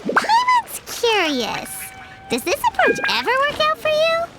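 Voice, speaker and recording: A woman's voice: very high-pitched, wildly swooping pitch, a little slow, exaggerated voice. A woman voicing a tiny, cheeky companion creature who talks about herself in the third person, with game music underneath. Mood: teasing. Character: tiny floating female companion, cheeky and blunt. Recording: game soundtrack playing under voice.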